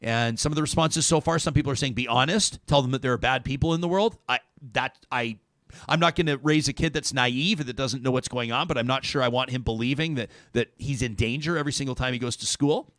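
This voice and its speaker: A man's voice: mid-range voice, fast talker, fairly bright tone, no room sound, clean studio sound. A man in his thirties hosting a talk show, chatting casually and joking, rambling with restarts. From Canada.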